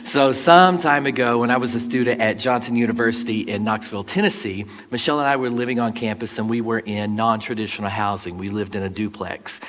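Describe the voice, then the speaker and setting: A pastor telling stories from the pulpit in a relaxed, folksy way, with asides to the congregation. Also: male voice, medium pitch. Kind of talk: conversational storytelling sermon. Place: church sanctuary. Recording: long reverb of a large church hall.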